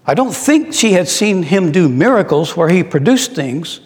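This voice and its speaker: A middle-aged man preaching a sermon, slow and reflective, asking his listeners questions. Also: high-pitched, sing-song, a little mellow. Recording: long reverb in a large hall.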